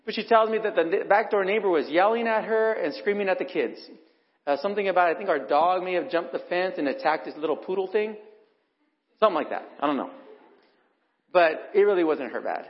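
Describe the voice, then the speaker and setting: Storytelling preacher in a big echoing hall. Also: male voice, high-pitched, lively intonation, fairly quick. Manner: conversational storytelling, acts out quotes. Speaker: pastor. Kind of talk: sermon with personal stories. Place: church hall. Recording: dull recording in a reverberant hall.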